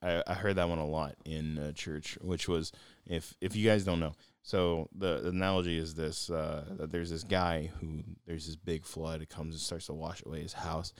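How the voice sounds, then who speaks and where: A young man co-hosting a casual podcast, an excitable storyteller who acts out voices in his anecdotes. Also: very deep voice, normal speed, no room sound, clean studio sound. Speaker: podcast co-host. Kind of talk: casual chat.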